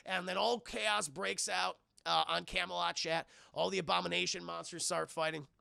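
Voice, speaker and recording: A man's voice: high voice, little pitch movement, normal speed, vocal fry, sharp tone, no echo, clean studio sound. A man streaming a casual, profane scene-by-scene film review, talking to his chat. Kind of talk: casual live-stream movie commentary.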